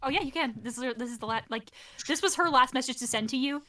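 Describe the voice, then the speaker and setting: A woman's voice: high voice, fast talker, sharp tone, a little hiss or hum. A woman game master narrating a tabletop game in a chatty way, laughing often and stopping for fillers. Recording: distant mic, faint music behind.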